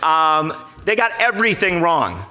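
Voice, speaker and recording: A man's voice: a little high, very animated, unhurried, pushed and bright, a little hiss or hum. A man speaking on a conference panel, telling a story with a sarcastic edge. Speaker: panelist reporter.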